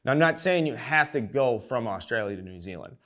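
Speaking at medium pitch and a slightly fast clip, a young sports show host goes on a loud, meandering, funny rant. He curses freely, excitable and rambling all the way.

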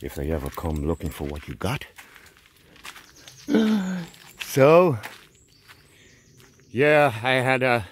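An Irish man talks to his viewers with a lot of rise and fall in his voice, swooping up and down as he jokes. His pitch sits in an ordinary middle range for a man. He sounds chatty and playful as he walks outdoors through a forest. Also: slow pace, pauses often, slight background noise. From Ireland. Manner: animated, joking, chatty. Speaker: vlogger. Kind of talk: casual walking vlog.

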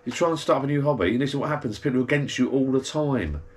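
A man's voice: mid-range voice, lively intonation, very fast. Bloke moaning away, casual rambling chat in his backyard bar. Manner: chatty, grumbling rant. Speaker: vlogger. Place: backyard garden bar shed.

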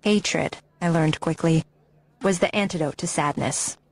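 A woman's voice: sits low, a little slow, no echo. A woman narrating a memoir audiobook with intense, emotionally charged reading.

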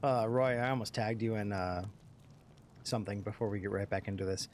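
A man's voice: on the low side, fairly even intonation, a little fast, slight background noise. A man casually commenting on his game stream, swearing freely and rambling between jokes. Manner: profane, rambling, jokey; puts on character voices. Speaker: let's play streamer.

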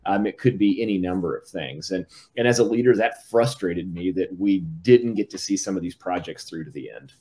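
Low-voiced hesitant middle-aged man. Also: fairly quick, hardly any pauses, dark tone. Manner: hesitant, many restarts and fillers. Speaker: book discussion panelist. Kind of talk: casual conversation.

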